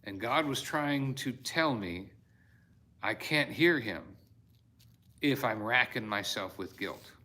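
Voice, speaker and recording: Earnest man with a bright voice. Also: mid-range voice, lively intonation, slow pace, pauses often. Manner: earnest and heartfelt, breaks into exclamations. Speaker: storyteller. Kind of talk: reflective fireside talk, reading his own devotional.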